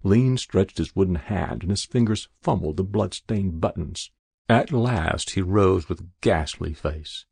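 Deep gravelly male narrator. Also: measured pace, a little mellow, no room sound, studio quality. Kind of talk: scripted narration of a short story.

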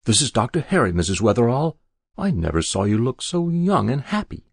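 Male reader voicing a cheerful family doctor, low, husky. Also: sing-song, brisk, dry recording, studio quality, full character voice. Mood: hearty.

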